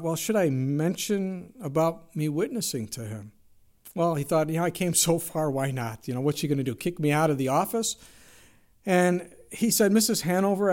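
A man's voice: fairly high pitch, darkish tone. A man preaching a sermon, telling an illustrative story with earnest delivery and quoting scripture. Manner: earnest storytelling, quotes scripture, asks rhetorical questions.

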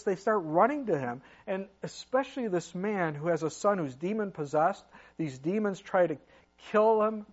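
A man's voice: fairly high pitch, muffled recording. A middle-aged man preaching a sermon in a conversational way, with asides and sudden emphatic rises. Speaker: pastor.

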